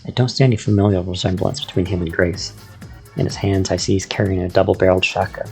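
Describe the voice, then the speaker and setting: A man reading a first-person story aloud with steady, measured narration. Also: sits low, faint music behind. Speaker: audiobook narrator.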